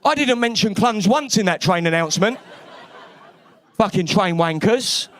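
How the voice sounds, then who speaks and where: A man's voice: high voice, expressive, a little slow, a bit bright. A man from East London with a London accent, doing a brash, cheeky stand-up comedy set on a club stage with lots of swearing.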